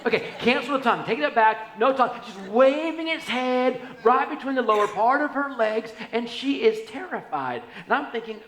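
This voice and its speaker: A man preaching a storytelling sermon as a pastor, animated, swinging from hushed to loud. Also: very high voice, normal speed, hardly any pauses. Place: church sanctuary. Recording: echoey church hall.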